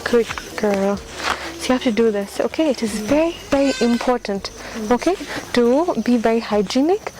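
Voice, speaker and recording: A woman's voice: fairly high pitch, expressive, normal speed, hardly any pauses, low-quality recording. A woman teaching children how to use sanitizer and face masks, speaking through a mask, patient and repetitive, checking often that they understood. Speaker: charity volunteer teaching children. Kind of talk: instructing children. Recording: music playing under the speech. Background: loud background music.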